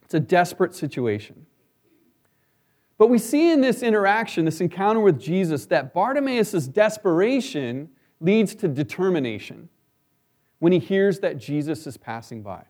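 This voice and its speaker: A man's voice: high-pitched, very animated, normal speed, darkish tone. A man preaching a sermon in a conversational way, often checking in with listeners by asking "right?". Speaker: pastor.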